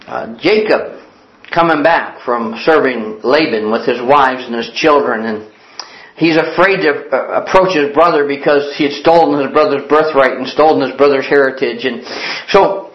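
Male preacher, slightly high voice, earnest and repetitive, echoey dull recording. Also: unhurried. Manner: repeats key lines for emphasis; earnest, storytelling delivery. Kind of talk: sermon.

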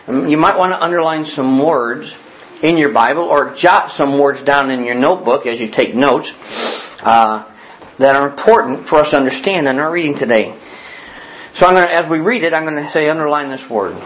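A male pastor delivering a sermon after an opening prayer, reading scripture aloud and repeating key definitions slowly for emphasis. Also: medium pitch, lively intonation, lo-fi sound. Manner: reads scripture aloud with pauses for note-taking.

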